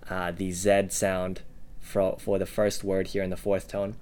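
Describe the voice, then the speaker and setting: Low-voiced man giving examples haltingly. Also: flat delivery, a little mellow. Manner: measured, halting with frequent "uh". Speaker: language podcast co-host. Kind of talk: casual explanatory teaching.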